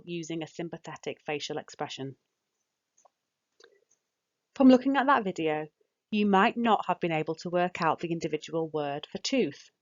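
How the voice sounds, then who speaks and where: A woman calmly narrating practical guidance for parents as a speech and language therapist, in a measured, instructive way. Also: lowish voice. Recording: dull, muffled voice-over.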